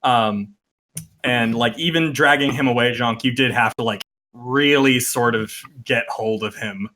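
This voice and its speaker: A man's voice: medium pitch, a little slow, pushed and bright. A man narrating as game master of a tabletop game, hesitant with frequent fillers. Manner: hesitant, lots of uh and um, chuckling.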